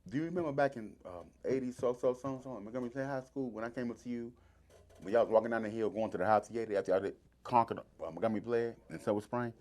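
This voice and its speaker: A man's voice: mid-range voice, quick pace. A man with a D.C. telling a long story in casual talk, acting out the voices of the people in it. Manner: animated, acts out voices in his stories.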